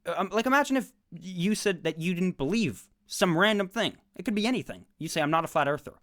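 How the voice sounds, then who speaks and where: A man's voice: high voice, big pitch swings, a little fast. A man giving sarcastic, incredulous reaction commentary on a debate, sounding more and more exasperated.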